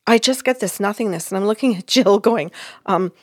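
A woman's voice: mid-range voice, brisk, dry recording, clean studio sound. A woman who works as a psychic medium, recounting a session in casual chat and acting out the others' words. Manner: animated, acts out quotes of others.

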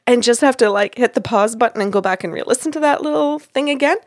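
A woman's voice: a little high, quick pace, no echo, clean studio sound. A woman hosting a podcast, chatting casually as she retells a reading and acts out the dialogue. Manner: animated, acts out quoted dialogue. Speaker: podcast host and psychic reader. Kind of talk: casual storytelling chat.

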